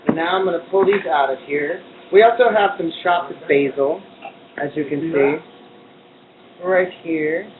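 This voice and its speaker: A man's voice: on the high side, measured pace. A man hosting a casual cooking show, chatty and playful, joking as he cooks in a kitchen. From United States. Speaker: host cooking on a live stream. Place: kitchen indoors. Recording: distant echoey lo-fi phone-like live stream with noise.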